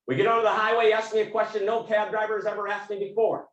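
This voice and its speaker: A man giving a business talk as a keynote speaker, telling a story in a vivid, animated way. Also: high voice, rapid-fire, roomy sound, recorded from a distance, dull audio.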